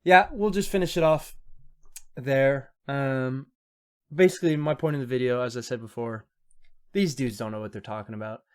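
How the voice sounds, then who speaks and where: A man's voice: medium pitch, normal speed, clean tone. A young man doing reaction commentary, sarcastic and incredulous, laughing often between remarks. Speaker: YouTube commentator.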